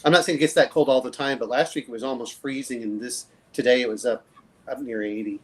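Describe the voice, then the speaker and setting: A man's voice: mid-range voice, steady tone, quick pace, poor audio. A man from the southern US hosting a casual group chat, rambling, restarting his sentences and laughing often. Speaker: livestream host.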